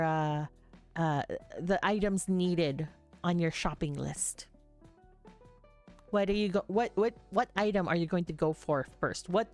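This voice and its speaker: A woman narrating a livestreamed tabletop game as game master, meandering and halting with many fillers. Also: lowish voice, darkish tone.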